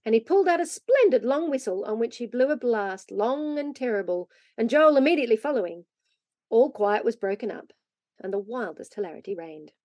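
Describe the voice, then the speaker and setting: A woman reading a storybook aloud with lively, expressive narration. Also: fairly high pitch, brisk, no room sound. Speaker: reader.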